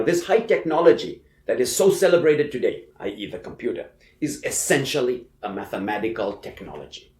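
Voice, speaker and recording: A man's voice: mid-range voice, a little mellow. A man giving a university lecture in a conversational way, often saying "okay" and "you know", and stressing points with emphasis. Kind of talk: classroom lecture. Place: lecture room. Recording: echoey lecture hall.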